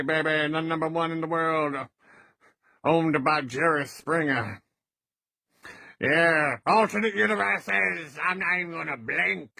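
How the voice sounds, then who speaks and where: A man's voice: a little high, vocal fry, pushed and bright, dry recording, full character voice. A man voicing a brash, flirtatious drag queen alter ego in a comedy sketch, drawling and sassy.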